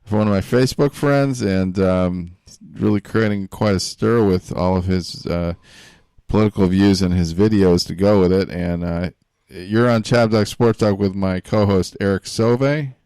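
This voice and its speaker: A man's voice: sits low, moderate pace, darkish tone, clean tone, no echo. Dry-sounding male talk show host. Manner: laughs easily, joking. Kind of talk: call-in talk show chat.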